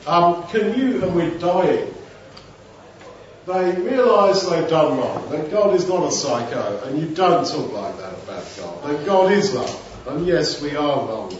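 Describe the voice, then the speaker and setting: A man delivers a sermon in a chatty, conversational style, slipping into quick acted-out dialogues. His voice sits a little high. He is recorded from a distance in a booming, echoey hall, with a dull tone and a faint background hum. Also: big pitch swings. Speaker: preacher. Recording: echoey room, distant mic, dull sound.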